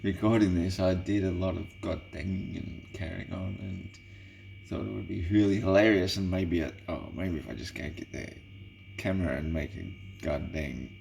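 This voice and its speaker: A vlogger rambles through a casual monologue, swearing constantly and chuckling, with a mock-exasperated, slightly tipsy air. His voice is low, a little mellow, with vocal fry.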